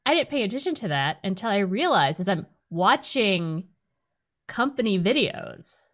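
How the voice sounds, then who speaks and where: A woman co-hosting a podcast in casual chat, blunt and profane, ranting with sudden jumps up in pitch. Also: very animated, normal speed, a bit bright. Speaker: podcast co-host.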